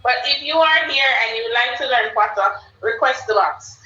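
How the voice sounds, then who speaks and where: Jamaican woman, live stream host, loose repetitive chat; high bright voice, distant dull roomy audio. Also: normal speed.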